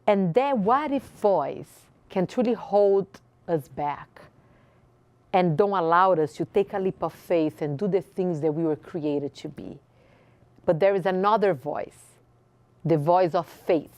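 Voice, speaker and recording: A woman's voice: lowish voice, a little slow, a little mellow, no room sound. A woman from Brazil with a Brazilian Portuguese accent, hosting and giving a passionate inspirational speech with repeated phrases for emphasis. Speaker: host.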